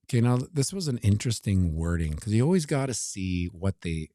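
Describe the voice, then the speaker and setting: A man with a lowish, warm, sing-song voice talks briskly about crypto charts, dropping joking asides as he scrolls and searches on his computer. The recording is dry, with clean studio sound.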